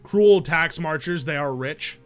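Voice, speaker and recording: A man streaming a strategy game live, reading event text aloud and reacting with jokes and sudden loud shouts. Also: a little high, a little slow, smooth, soft background music. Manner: animated, jokey, bursts into loud shouts.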